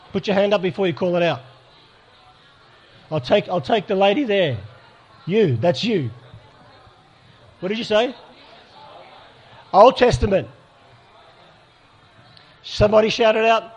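Man, slightly high voice, pastoral workshop leader addressing a live crowd. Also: lively intonation, measured pace, pauses often, a little mellow, breathy edge. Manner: pastoral and direct, asks audience for hands up. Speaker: speaker at a church conference. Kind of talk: live workshop talk to an audience.

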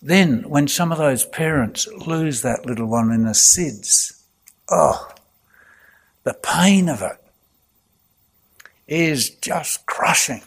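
A man, a clergyman giving a reflective talk full of anecdotes and gentle humour. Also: on the high side, lively intonation, takes it slowly, pauses often, slightly rough.

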